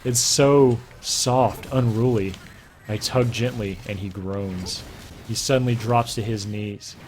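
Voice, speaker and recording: A young man giving a theatrical, hushed and breathy reading of a romance novel over gameplay, often breaking into laughter. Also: lowish voice, fairly even intonation, unhurried, a little hiss or hum. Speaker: gaming streamer.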